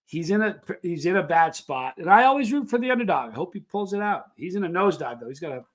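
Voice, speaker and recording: A man hosts a casual live stream and rambles from one story to the next. His voice sits a little high for a man. He greets viewers by name as he goes. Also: quick pace. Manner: rambling, animated, reads out viewer names. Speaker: livestream host.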